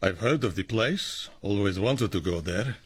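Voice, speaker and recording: An actor in a radio drama playing an agent who fakes a stiff, formal Russian accent. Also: male voice, fairly low pitch, animated, a little slow, husky. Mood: deadpan.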